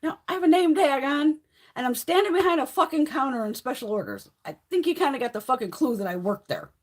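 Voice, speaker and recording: A middle-aged woman hosts a beauty livestream, speaking at a quick pace in a high-sitting voice with lively intonation. Her storytelling is casual, blunt, and profane, full of swearing and laughs.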